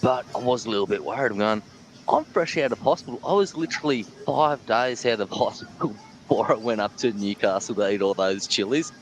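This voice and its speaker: A man's voice: fairly low pitch, fairly quick, few pauses, faint music behind, poor audio. An Australian man being interviewed about eating chilli, chatting casually and bluntly, joking and laughing as he talks. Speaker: guest, chilli-eating champion.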